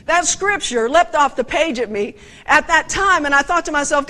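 A woman preaching a conversational sermon, animated and often putting direct questions to her listeners. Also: sits high, normal speed.

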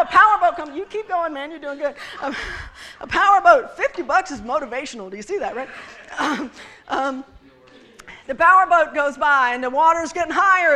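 Woman pastor, sermon with props, playful and teasing, crisp high voice. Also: bright, forceful tone. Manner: playful, teasing, addressing the congregation directly. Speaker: preacher.

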